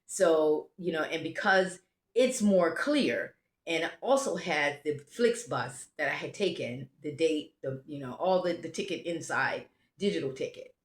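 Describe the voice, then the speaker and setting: A woman's voice: low voice, expressive, a little slow. An American woman telling a travel story casually, rambling and often restarting her sentences. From United States. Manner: rambling, self-interrupting, restarts. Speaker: travel vlogger. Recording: roomy echo.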